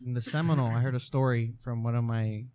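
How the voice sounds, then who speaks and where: A man's voice: mid-range voice, fairly even intonation, fast talker, mellow. A man hosting a podcast, telling a spooky story in a casual chat, swearing and restarting his sentences. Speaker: podcast host.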